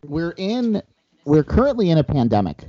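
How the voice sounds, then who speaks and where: A man's voice: on the high side, big pitch swings, moderate pace, dark tone, dry recording, highs cut off. A man co-hosting a casual chat, telling a profane story and acting out the quotes. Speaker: podcast co-host.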